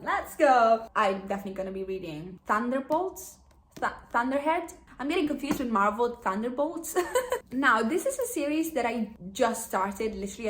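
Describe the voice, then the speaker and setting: A woman's voice: fairly high pitch, a bit bright, slight background noise. Chatty young woman in an echoey room. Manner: chatty and rambling, many "like" fillers, laughs often. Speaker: book vlogger. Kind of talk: casual chat.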